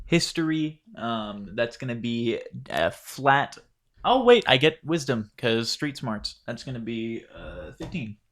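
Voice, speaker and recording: A man playing a tabletop role-playing game, talking casually with quick reactions. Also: medium pitch, big pitch swings, a bit bright. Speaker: player.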